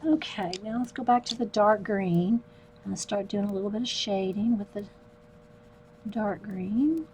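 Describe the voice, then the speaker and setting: A woman hosts a relaxed drawing livestream from her art desk. Her voice sits at a middle pitch, and her talk is chatty and easygoing. She keeps up a running conversation with viewers as she works, laughing often. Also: a little slow, a little hiss or hum. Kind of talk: casual livestream chat while drawing.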